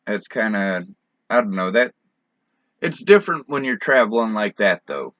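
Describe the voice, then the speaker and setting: A man's voice: on the low side, lively intonation, normal speed, a bit bright, no echo. A man in casual conversation, talking in a plainspoken, reflective way. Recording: dull lo-fi sound.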